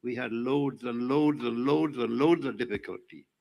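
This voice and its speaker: A man's voice: mid-range voice, normal speed, gravelly, darkish tone, rough recording. An older man from Trinidad, giving a rambling, joking speech to an audience at a live religious event on a handheld mic. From Trinidad and Tobago. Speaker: community speaker at the event.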